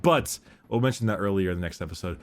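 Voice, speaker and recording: A man's voice: low-pitched, fast talker. A man co-hosting a podcast in a casual, rambling way, laughing often and fumbling names. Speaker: podcast co-host. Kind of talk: casual chat.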